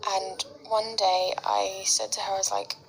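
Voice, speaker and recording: A woman with an English accent telling a story in a chatty way, often slipping into soft whispers. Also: medium pitch, little pitch movement, measured pace, creaky, slight background noise, poor audio. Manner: chatty, heavy use of "like", drops into soft whispers.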